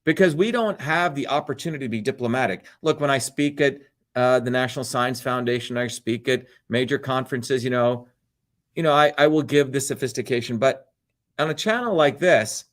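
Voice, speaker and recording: A man hosting his own live show, delivering a fiery, blunt and profane monologue. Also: mid-range voice. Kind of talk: livestream monologue.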